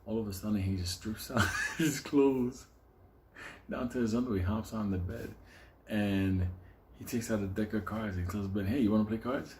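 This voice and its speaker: A man's voice: lowish voice, fairly even intonation, moderate pace, a little mellow, slight background noise. Man telling a profane, rambling anecdote. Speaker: storyteller. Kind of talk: casual anecdote.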